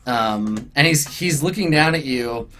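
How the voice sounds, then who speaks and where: A man's voice: mid-range voice, expressive, unhurried, a bit bright. Guy running a tabletop game, loose and chatty, lots of ums and likes. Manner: casual, laughing, many fillers. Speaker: game master.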